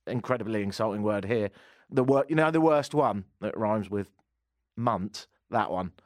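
A man's voice: on the low side, lively intonation, normal speed, dry recording, studio quality. An English man hosting a talk show, telling a casual, self-mocking anecdote. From England. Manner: chatty, self-mocking storyteller. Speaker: radio talk show host.

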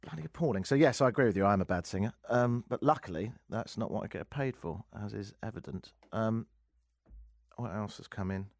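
A man hosting a talk radio show, ranting sarcastically with lively asides from a studio microphone. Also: fairly low pitch, fairly quick, gravelly, no echo. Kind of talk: opinionated talk radio monologue.

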